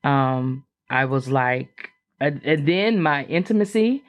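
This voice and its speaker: Woman on a podcast, chatty and frank, jumps way up in pitch when she quotes people, kinda dull lo-fi sound. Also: slow. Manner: animated, acts out quoted voices with big jumps in pitch; frank and chatty, with frequent fillers. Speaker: podcast guest. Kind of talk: casual personal storytelling.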